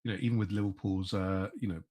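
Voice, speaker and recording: A man in his thirties, a podcast guest, talking excitedly in a casual chat. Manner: excitable, animated, quick pitch jumps.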